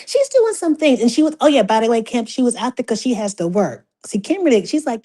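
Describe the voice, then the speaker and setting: A woman's voice: a little high, big pitch swings, fast, few pauses, dark tone. A woman calling in to a show, chatting in a rambling way. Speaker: caller. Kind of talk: casual phone-in chat.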